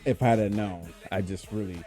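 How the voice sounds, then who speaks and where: A man's voice: fairly low pitch, normal speed, dark tone, faint music behind. A man hosting a casual podcast chat, exasperated and rambling, often repeating himself. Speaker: podcast host.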